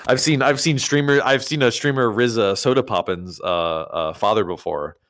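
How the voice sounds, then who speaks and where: A man's voice: fairly low pitch, normal speed, fairly bright tone, slight background noise. A young man co-hosting a casual stream, joking and rambling with many restarts. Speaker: streamer co-host.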